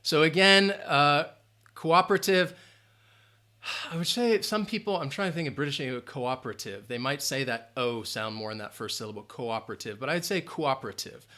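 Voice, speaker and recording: A man teaching English in a live-stream Q&A, lively and emphatic, repeating key phrases. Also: a little high, brisk, hardly any pauses.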